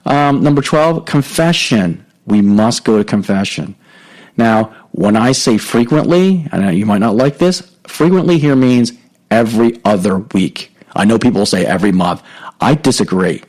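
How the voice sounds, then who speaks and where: A middle-aged man hosting a podcast, giving a casual, halting talk on faith with many fillers and restarts. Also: on the low side, lively intonation, a little mellow, poor audio. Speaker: podcast host. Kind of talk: spoken teaching on faith.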